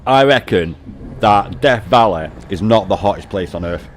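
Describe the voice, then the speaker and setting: On a casual game live stream, this middle-aged British man swears and laughs freely. He talks at a moderate pace in a voice on the low side with lively intonation, over slight background noise, and has a British English accent.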